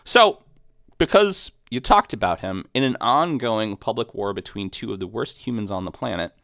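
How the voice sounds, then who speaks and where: A man's voice: fairly low pitch, expressive, normal speed, vocal fry, fairly bright tone, dry recording, clean studio sound. Laid-back, chatty podcast man. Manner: laughs often, rambling with restarts. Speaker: podcast co-host. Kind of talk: casual chat. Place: podcast studio.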